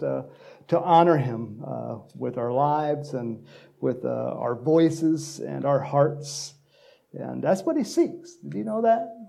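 Chatty gravelly-voiced pastor, rambling sermon. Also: male voice, a little high, dark tone. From Texas. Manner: chatty, rambling, laughing between stories. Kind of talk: casual sermon.

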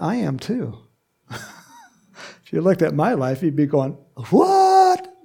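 A man delivers a sermon in a loose, conversational way, slipping into playful acted voices. His voice is gravelly and a touch husky, pitched a little high for a man. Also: mellow. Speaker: pastor.

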